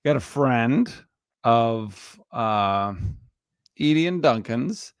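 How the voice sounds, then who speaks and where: A man's voice: mid-range voice, lively intonation, extremely slow, clear, resonant tone, no room sound, clean studio sound. A man in his thirties co-hosting a podcast, telling rambling anecdotes full of fillers. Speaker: podcast co-host. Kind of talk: casual chat.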